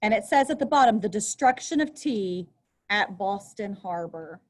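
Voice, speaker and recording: With a mid-range, animated voice and a moderate pace, a woman teacher records a lesson at her desk beside a workbook. She reads aloud from a text, then breaks it down in a chatty style full of casual asides.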